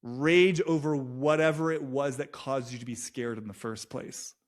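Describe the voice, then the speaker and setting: A man's voice: medium pitch, fairly even intonation, moderate pace. A young man talking through a reality show in a loose, rambling monologue, full of fillers and restarts, swearing freely. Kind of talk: casual analytic monologue.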